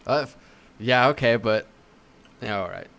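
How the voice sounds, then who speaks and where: A man's voice: mid-range voice, a little slow, creaky, fairly bright tone. A man co-hosting a podcast in easygoing casual chat, often restarting his sentences and laughing along. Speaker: podcast co-host.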